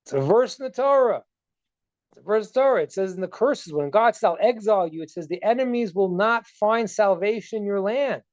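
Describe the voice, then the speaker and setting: A man's voice: high voice, lively intonation, a little fast, a little mellow, dry recording, lo-fi sound. A man teaching as a rabbi over a video call, earnest, repeating words as he builds a point and retelling stories with dialogue. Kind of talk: Zoom teaching talk.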